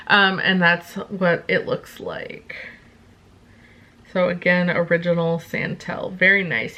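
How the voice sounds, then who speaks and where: A woman's voice: medium pitch, sharp tone. A young adult woman chatting casually to camera as a vlogger, rambling a little with frequent ums and self-deprecating asides. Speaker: beauty vlogger.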